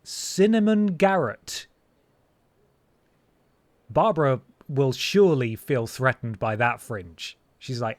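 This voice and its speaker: A man's voice: medium pitch, lively intonation, takes it slowly, long pauses, no echo. A man, streaming a wrestling game and doing playful mock-announcer commentary with jokey asides. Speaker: gaming streamer.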